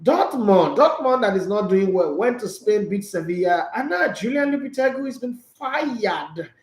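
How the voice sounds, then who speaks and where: A man's voice: high voice, animated, normal speed, reverberant. A man hosting a sports radio show, chatty and joking. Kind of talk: casual sports talk show.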